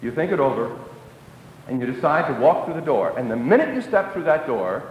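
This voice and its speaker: Brief: male preacher, high and very animated, storytelling sermon, echoey hall. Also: brisk, highs cut off, a little hiss or hum. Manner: dramatic, drops to hushed lows for emphasis.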